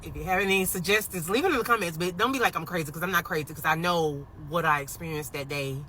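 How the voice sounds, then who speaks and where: This casual storytime vlog features a woman in her thirties emotionally describing something paranormal that happened to her. Her voice is on the low side and fast, with lots of "like" fillers, and the rough phone recording has a little hiss or hum.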